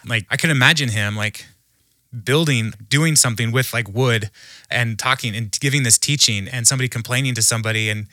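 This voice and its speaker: A man speaking as a podcast guest who tells stories in an animated way and laughs often. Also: medium pitch, a little fast, no echo, studio quality. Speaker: podcast guest, humor researcher. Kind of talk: conversational storytelling.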